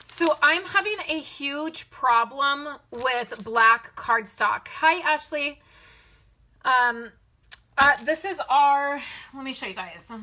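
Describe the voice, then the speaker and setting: Lady doing a craft livestream, high bright voice, slow easy talk, chatty, says hi to everyone by name. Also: a little hiss or hum. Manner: chatty, greets viewers by name. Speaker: card-making livestream host. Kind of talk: casual live-stream chat.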